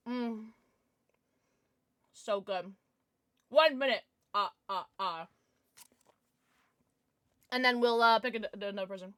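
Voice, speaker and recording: A young woman streamer chatting casually and excitedly to her viewers, now and then cooing at her dog in baby talk. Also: fairly high pitch, slow, long pauses. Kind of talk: casual livestream chat.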